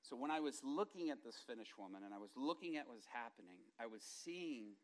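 A man's voice: medium pitch, animated, brisk. A middle-aged man preaching, telling a personal testimony in an earnest, conversational way that circles back on itself. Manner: earnest, conversational, with self-repeats. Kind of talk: sermon testimony storytelling.

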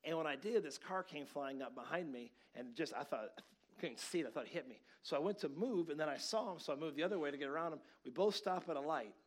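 A man in his forties preaching a sermon, telling a personal story with lively swings between hushed and loud moments. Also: on the high side, fast talker. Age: 40s. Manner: animated storytelling, acts out quarrels with sudden loud outbursts. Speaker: pastor.

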